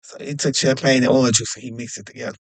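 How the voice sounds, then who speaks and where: A young man casually telling a long, animated story, jumping up in pitch whenever he acts out other people's lines. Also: quick pace, dry recording. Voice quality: animated, acts out quoted voices with jumps in pitch. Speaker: podcast host.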